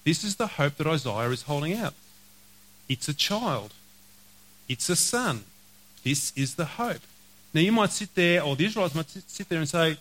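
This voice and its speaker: Earnest man preaching, higher voice. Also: lively intonation, a bit bright, poor audio. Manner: earnest, repeats key phrases, slows for scripture quotes. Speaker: pastor. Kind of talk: sermon.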